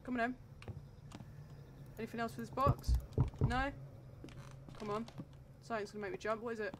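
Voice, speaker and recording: A woman's voice: fairly high pitch, fairly even intonation, moderate pace, pauses often, fairly bright tone, slight background noise. Jumpy, swearing woman streamer. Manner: jumpy, nervous running commentary, heavy swearing. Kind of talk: horror game let's-play commentary.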